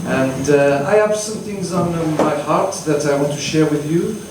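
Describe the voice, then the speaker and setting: A man's voice: a little high, background noise, natural voice. A comic putting on a cheeky fake-French man. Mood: mock-defiant. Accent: put-on French. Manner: halting, with many fillers and pauses. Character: mock Frenchman, cheeky and defiant, middle-aged man. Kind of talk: stand-up comedy. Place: small comedy venue. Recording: echoey room, distant mic.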